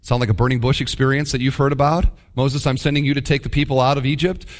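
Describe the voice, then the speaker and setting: A man preaching a sermon. He is animated and acts out the voices of the people he quotes. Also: medium pitch, fast. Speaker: pastor.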